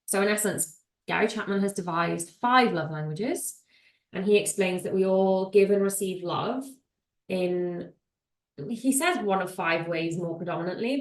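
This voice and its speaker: A woman in her late twenties co-hosting a podcast, chatting casually and teasing her partner. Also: fairly low pitch. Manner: chatty, teasing, self-deprecating. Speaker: podcast co-host. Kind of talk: casual chat. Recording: roomy echo.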